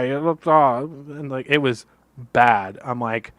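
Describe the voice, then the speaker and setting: A man co-hosting a casual podcast, excitable and profane, who keeps saying "oh my God". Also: medium pitch, measured pace, no room sound. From Canada. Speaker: podcast co-host. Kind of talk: casual chat.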